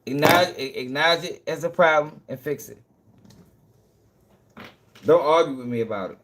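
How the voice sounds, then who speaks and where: A man's voice: a little high, normal speed, a bit bright. Heated young man ranting live. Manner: heated, cursing, repeats himself, laughs. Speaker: channel host. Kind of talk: casual live stream rant.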